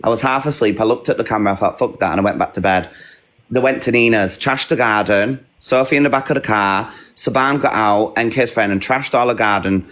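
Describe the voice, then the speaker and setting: A man's voice: fairly low pitch, fairly quick, a bit bright. A man hosting a live stream, bluntly recounting a dispute and quoting others as he goes. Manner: blunt, recounting quotes in a rush. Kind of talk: heated casual storytelling.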